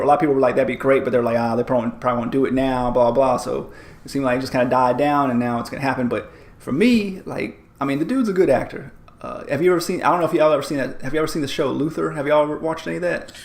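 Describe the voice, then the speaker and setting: A man's voice: medium pitch, vocal fry, echoey room. A man co-hosting a podcast in casual chat, rambling with many restarts and fillers. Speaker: podcast co-host.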